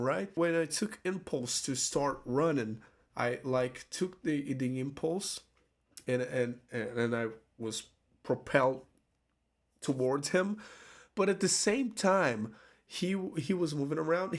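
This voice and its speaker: A man telling a story to camera in a casual, rambling way, swearing often, laughing at himself and restarting his sentences. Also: fairly high pitch. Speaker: vlogger.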